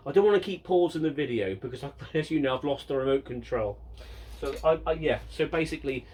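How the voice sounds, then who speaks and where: With a medium-pitched, slightly breathy voice, a man runs a casual Q&A vlog about his model railway. He rambles and chats, repeating words often and mocking himself in a self-deprecating, exasperated way.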